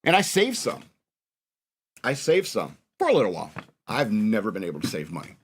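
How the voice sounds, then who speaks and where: Husky and fairly low, this man's voice swoops wildly in pitch as he talks briskly. He's a podcast host in his forties from northern New York, casually reminiscing about his youth in a rambling, self-mocking way.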